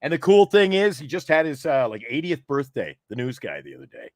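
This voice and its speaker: A man's voice: fairly high pitch, fast, no echo, studio quality. A man co-hosting a casual live sports chat show, telling old radio stories with a lot of energy. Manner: storytelling, lively, does voices of people he quotes. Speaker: podcast co-host. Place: home studio, live stream.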